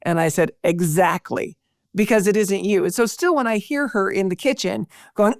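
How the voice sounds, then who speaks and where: A middle-aged woman, a broadcaster and speaker appearing as a podcast guest, tells lively stories in a conversational interview and acts out the voices she quotes. Her voice is medium-pitched at a normal speed, recorded at studio quality with no room sound.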